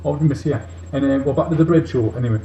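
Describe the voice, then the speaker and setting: A man's voice: mid-range voice, fast talker, dark tone, close to an everyday voice. A man playing a tipsy male robot leader in a comic monologue, earnest and rambling off on tangents with many fillers. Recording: muffled, roomy, faint hiss.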